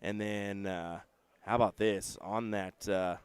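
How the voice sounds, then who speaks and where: Male darts commentator, smooth clear voice, easygoing play-by-play with wry self-deprecating asides. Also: on the low side, fairly even intonation, slow pace. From United States. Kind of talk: live sports commentary.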